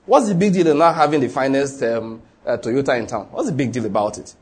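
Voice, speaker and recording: A man's voice: mid-range voice, fairly quick, slightly rough. A man with a Nigerian accent preaching a sermon, emphatic and full of rhetorical questions, acting out the people in his story.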